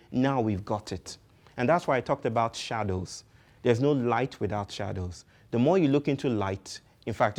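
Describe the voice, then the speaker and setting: A man from Nigeria speaks to a live audience in a poetic, philosophical way. He leans on repetition to drive each idea home. His voice sits at a middle pitch. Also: a little mellow. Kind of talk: public talk.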